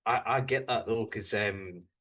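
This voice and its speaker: A man's voice: fairly low pitch, a little slow, a bit bright. Laid-back man with mild Northern English accent. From Northern England. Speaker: podcast co-host. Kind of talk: casual chat.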